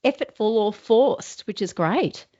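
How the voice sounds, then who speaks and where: A woman host taking accent coaching, answering eagerly with quick, upbeat affirmations. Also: mid-range voice, lively intonation, a little mellow, breathy edge. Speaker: show host and actor. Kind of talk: one-on-one coaching session. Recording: dull lo-fi recording.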